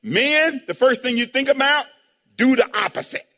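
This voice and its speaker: A man preaching as pastor, drawing amens and answers from the congregation in call-and-response, breaking into sudden shouts. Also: very high-pitched, animated, moderate pace. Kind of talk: sermon. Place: church sanctuary. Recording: long hall reverb.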